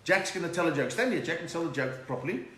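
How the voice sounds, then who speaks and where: Middle-aged man, jokey live-stream host, slightly high voice, roomy echo and faint hiss. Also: expressive, quick pace, a bit bright. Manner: chatty, reads out viewer names and greetings, jokey. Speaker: comedian hosting a live stream. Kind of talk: casual live-stream chat. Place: room at home.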